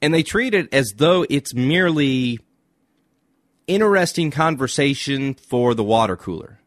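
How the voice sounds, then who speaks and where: A man giving a short sermon-like teaching, measured and illustrative. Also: medium pitch, lively intonation, no room sound. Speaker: Christian speaker.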